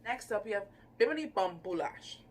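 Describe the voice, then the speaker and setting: A woman casually reviewing a TV episode on her channel, animated and gushing, with playful asides. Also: mid-range voice, moderate pace, slight background noise. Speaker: YouTube reviewer.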